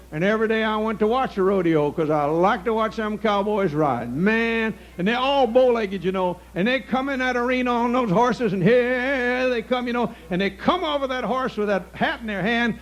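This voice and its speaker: A man's voice: sits high, dull audio. An older man telling a folksy stand-up comedy monologue on an outdoor stage, chuckling at his own jokes.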